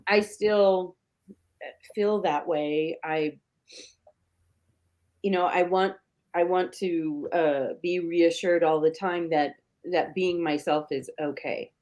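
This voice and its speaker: An older woman speaks as a podcast guest, slowly and haltingly, with a slightly low voice. She often restarts her sentences while she searches for words. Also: steady tone, darkish tone. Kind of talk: casual podcast conversation.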